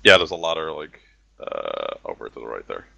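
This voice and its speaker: Deep-voiced man game-mastering casually. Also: sing-song, moderate pace, vocal fry, sharp tone, no echo. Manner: casual, many fillers like "sort of" and "you know". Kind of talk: narrating a tabletop game. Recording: dull lo-fi dry recording.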